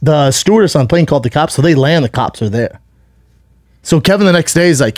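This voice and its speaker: A man's voice: on the high side, animated, fast, darkish tone, no echo, studio quality. A man co-hosting a podcast, telling a long story in casual chat, rambling and acting out what people said, swearing freely. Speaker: podcast co-host.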